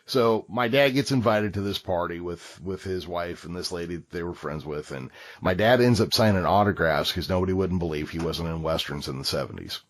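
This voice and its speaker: A man's voice: low voice, a little fast, hardly any pauses. A man co-hosting a casual podcast chat, talking things through in a loose, swearing way. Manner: talkative, reflective, swears casually. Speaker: podcast co-host.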